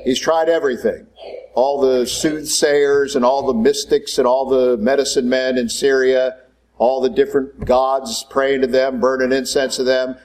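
A man preaching a sermon in a conversational, animated storytelling manner. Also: mid-range voice, normal speed, poor audio.

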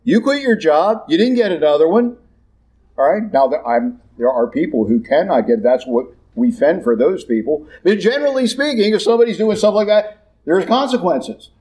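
A man preaching a sermon in a blunt, emphatic, lively way. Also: on the high side, normal speed.

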